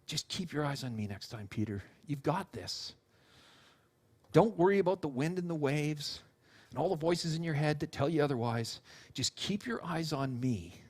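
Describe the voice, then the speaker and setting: Jesus, imagined as a patient figure in a spoken sermon, pleads with stumbling restarts, as a pastor puts him on. The voice sits high for a man. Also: sing-song, moderate pace. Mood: gentle. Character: exasperated then tender male Jesus, imagined.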